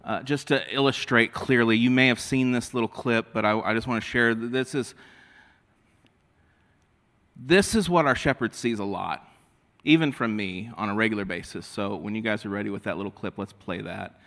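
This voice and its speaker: A man with a fairly low, fairly bright voice preaches a sermon as pastor, speaking slowly and emphatically. He stretches out key phrases and calls for responses from the congregation. A long hall reverb surrounds the recording.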